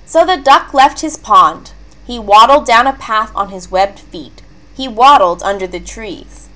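A woman reads a children's story aloud at an unhurried pace. Her voice sits a little high and moves expressively. She keeps it clear and careful for young listeners. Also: expressive, sharp tone. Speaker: narrator.

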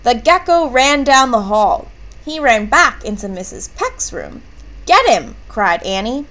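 Woman narrator for a kids' picture book, high and animated, unhurried. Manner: expressive, character voices with excited shouts. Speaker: reader. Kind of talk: children's book read-aloud.

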